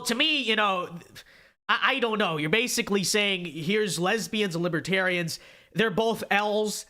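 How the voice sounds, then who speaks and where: Male live-stream host, a bit stuffed up, high and bright, sarcastic, talks to chat. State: congested.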